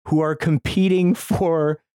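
A man co-hosting a podcast in casual chat, excitable, swearing and laughing often. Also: fairly high pitch, takes it slowly, smooth, no echo, clean studio sound. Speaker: podcast co-host.

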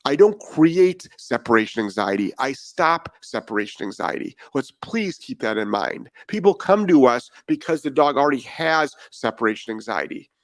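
A man's voice: mid-range voice, big pitch swings, moderate pace, hardly any pauses, no room sound. A man talking as a dog trainer in a podcast monologue, blunt and profane and firing off rhetorical questions.

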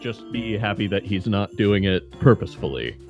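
A man playing a tabletop game who speaks in a measured, understated way. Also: fairly low pitch, lively intonation, darkish tone, soft background music. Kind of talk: casual tabletop game play.

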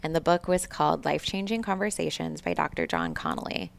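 A woman's voice: low voice, big pitch swings, a little fast, vocal fry. A woman in her thirties, a podcast guest telling a candid, emotional personal story with swearing and laughs.

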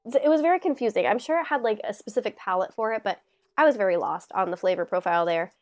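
A young woman co-hosting a podcast, telling a story in a casual, animated way, full of "like" and acted-out quotes. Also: mid-range voice, quick pace. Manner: animated storyteller, lots of "like", acts out overheard lines. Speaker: podcast co-host. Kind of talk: casual chat.

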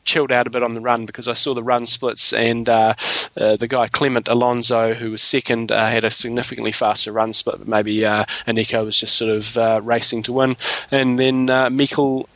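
A man's voice: mid-range voice, level tone, fairly quick, fairly bright tone, no room sound. A man co-hosting a podcast, talking casually and at length with lots of fillers and restarts. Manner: rambling, many fillers and restarts. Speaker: podcast co-host. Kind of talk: casual sports chat.

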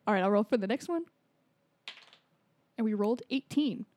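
A woman's voice: a little high, lively intonation, darkish tone. A woman co-hosting a podcast who teases her friends and laughs easily. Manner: teasing, quick to laugh. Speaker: podcast co-host. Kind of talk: casual group chat.

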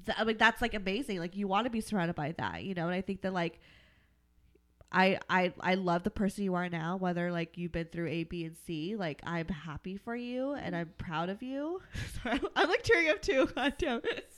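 A woman's voice: lowish voice, normal speed, a bit bright. A young woman co-hosting a podcast in casual chat, rambling with lots of filler words and swearing. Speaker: podcast co-host.

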